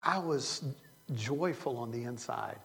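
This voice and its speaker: Older man, pastor, earnest rambling sermon, gravelly, reverberant church. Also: mid-range voice, expressive, slow, a little hiss or hum. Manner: earnest, rambling with repeated restarts. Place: church sanctuary.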